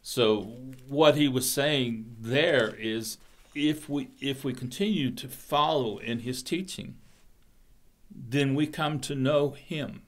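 A man teaching a Bible class, reading verses aloud and explaining them in a halting way, often repeating words as he starts a phrase. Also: medium pitch.

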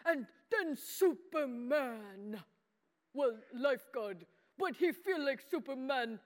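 For a children's sermon, an adult gives voice to an earnest, simple boy puppet who talks in broken kid grammar and refers to himself by name. The delivery is high, expressive and slow, earnest and childish in mood, with long reverb from the church hall.

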